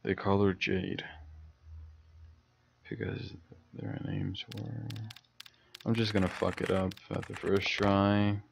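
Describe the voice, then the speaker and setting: Low gravelly man muttering through a game. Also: steady tone, slow pace, pauses often. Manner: muttering, swears often, thinks aloud. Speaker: gamer playing a horror game. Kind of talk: casual let's play commentary. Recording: dull lo-fi mic with faint noise.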